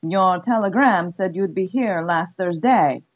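A woman's voice: on the low side, a little slow, lo-fi sound. A woman voicing a haughty middle-aged French-Canadian brothel madam with a put-on French accent, cool and commanding. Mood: cold.

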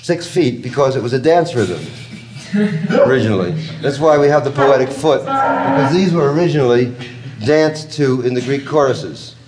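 A man's voice: mid-range voice, moderate pace, over a noisy crowd. A man giving an informal lecture on poetry, thoughtful and digressive, sprinkling in uh fillers and tapping out rhythms with ta-ta syllables. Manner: frequent uh fillers, chuckles at own remarks. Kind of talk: informal spoken lecture on poetics.

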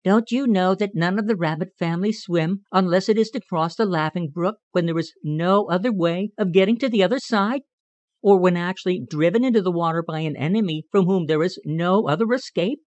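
An indignant young cottontail rabbit, voiced by a male narrator, pitched up and proud, protesting quickly in a storybook. The recording is dry and slightly dull. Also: no room sound, lightly acted. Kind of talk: audiobook character reading.

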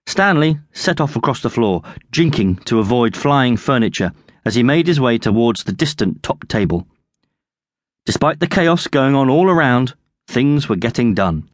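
Man narrating a lively children's story. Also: medium pitch, moderate pace, no room sound, studio quality. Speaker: audiobook narrator and author.

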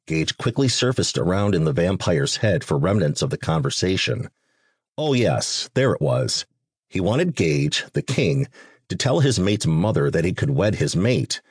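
Male narrator, deep and husky, with a lively, expressive read; dry studio sound. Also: dry recording. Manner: steady storytelling read. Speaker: audiobook narrator. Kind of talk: scripted narration.

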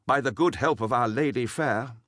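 A man's voice: mid-range voice, normal speed, a bit bright, no echo, studio quality, close to an everyday voice. A male audiobook narrator voicing a bold, proud young outlaw archer who speaks boastfully and defiantly. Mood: defiant boast. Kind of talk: audiobook character voice.

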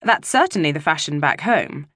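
A woman's voice: sits low, lively intonation, moderate pace, a bit bright, no echo, clean studio sound. A woman voicing a mother of two girls in a storybook reading, sometimes uncertain and sometimes firm.

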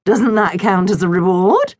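Calm storybook mum, measured and soothing, read by a woman, lively pitch. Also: no echo. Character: patient middle-aged mum, gently reasonable.

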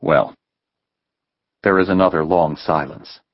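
A man reading a novel aloud in a measured, even way as an audiobook narrator. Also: low voice, dry recording, highs cut off. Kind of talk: scripted narration.

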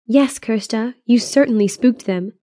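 A cautious, commanding princess, voiced by a woman narrator, speaking in a measured, hushed way. The recording is dry and close. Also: fairly high pitch, dry recording, close to an everyday voice. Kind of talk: audiobook character voice.

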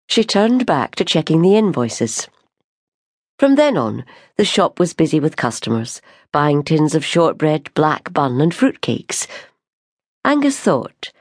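Unhurried woman narrating a novel. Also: deep voice, dry recording, clean studio sound. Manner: measured, unhurried storytelling. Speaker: audiobook narrator. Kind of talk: scripted narration.

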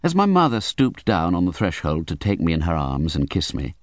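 A man narrates a classic novel in a low voice, telling the story with theatrical flair. His intonation swings widely from line to line. The studio recording is close and dry. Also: sing-song, brisk, hardly any pauses, dry recording. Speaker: audiobook narrator. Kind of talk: expressive audiobook narration.

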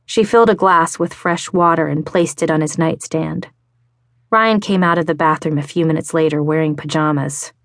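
A woman narrating a romance audiobook in a measured, even way, read into a close studio mic in a recording booth. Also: deep voice, no room sound. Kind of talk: scripted narration.

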